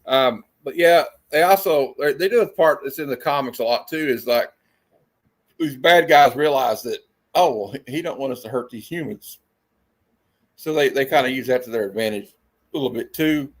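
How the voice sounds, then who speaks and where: A man hosting a casual movie chat, animated and quick to laugh. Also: medium pitch. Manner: animated, quick to laugh, slips into silly impressions. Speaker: host of a movie discussion show. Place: home setup on a video stream.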